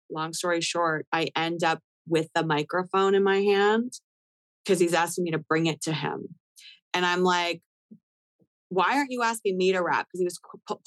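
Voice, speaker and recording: A woman in her thirties, a rapper guest telling a story in a casual interview, animated and swearing often as she acts out what people said. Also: fairly low pitch, no echo, poor audio. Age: 30s.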